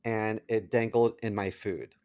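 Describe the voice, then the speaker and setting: A man co-hosting a podcast in casual chat, teasing his partner and telling stories quickly. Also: fairly low pitch, fairly even intonation, a little mellow, smooth, no echo. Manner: teasing, quick, mocking retellings. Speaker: podcast co-host.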